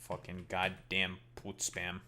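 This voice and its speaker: A man's voice: deep voice, monotone, takes it slowly, sharp tone. A man streaming a game live, talking casually and ranting profanely at his chat.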